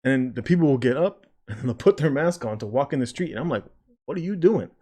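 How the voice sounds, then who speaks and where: A man's voice: medium pitch, expressive, fast talker, mellow, breathy edge. A man who works as a nurse, talking through video commentary in a casual, sarcastic, rambling way and mimicking the people he disagrees with.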